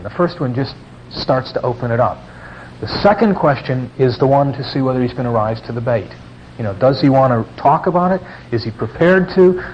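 A man teaches a class about opening conversations on faith, speaking conversationally and acting out quick sample exchanges. His voice sits at an ordinary middle pitch. The recording is dull and lo-fi, with a faint hiss underneath. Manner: conversational, acts out sample dialogues with rising emphasis. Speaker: pastor teaching evangelism. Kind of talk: lecture to a class.

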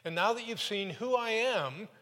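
Man voicing a calm, soft-spoken teacher. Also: high voice, moderate pace, long reverb tail, pitched above the performer's own voice. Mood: solemn. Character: calm, gentle male spiritual teacher.

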